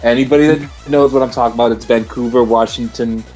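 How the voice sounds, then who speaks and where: Mid-pitched male co-host, slangy and emphatic, faint music behind. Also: fairly even intonation, fast, a little mellow. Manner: emphatic, slangy, repeats himself. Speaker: podcast co-host. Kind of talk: casual podcast chat.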